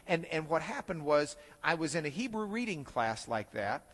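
Animated storytelling man in a reverberant hall. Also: fairly high pitch, moderate pace. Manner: animated, self-deprecating storyteller. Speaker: Bible teacher. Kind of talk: storytelling lecture.

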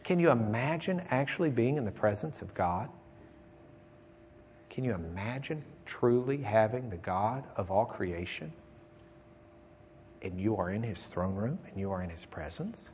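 A man preaching a sermon in a folksy, conversational way, telling jokes and moving between loud emphasis and quiet, intimate passages. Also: on the low side, lively intonation, unhurried, pauses often, slight background noise.

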